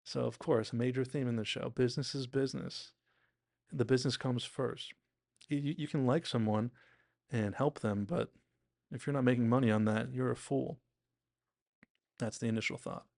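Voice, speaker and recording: Podcast host, male, gravelly, dry close sound, chatty recap delivery. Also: medium pitch, fairly even intonation, normal speed, long pauses, a little mellow, no echo. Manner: chatty, enthusiastic, acts out quotes, many "like"s. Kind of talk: casual episode analysis.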